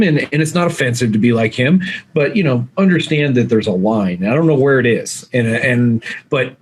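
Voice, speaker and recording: Husky-voiced man giving blunt advice. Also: mid-range voice, moderate pace. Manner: emphatic, blunt, gives direct advice. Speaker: communication coach and guest. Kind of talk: conversational advice.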